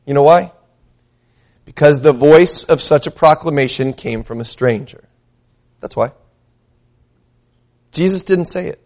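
Preaching with animated energy in a high-pitched voice, this pastor is emphatic throughout his sermon. He asks his listeners questions and slows down to read scripture aloud.

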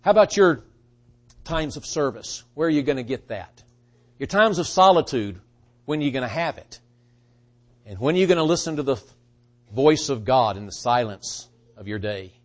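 A man delivering a sermon at an ordinary middle pitch. He drops to near hushes and then climbs into loud, rising bursts. His delivery halts and restarts as he builds his points. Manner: dramatic swings from hushed to loud. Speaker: preacher.

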